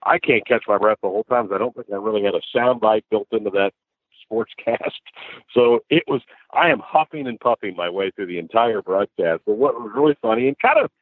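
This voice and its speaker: A lower-pitched man from the American Midwest, a sportscaster telling animated stories with quick restarts. His voice comes over a thin, phone-like line with almost no room sound. He talks casually and easily. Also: no room sound. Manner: animated storyteller, frequent restarts and laughs. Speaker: sportscaster guest. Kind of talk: conversational interview storytelling. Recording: dry, phone-like narrow line.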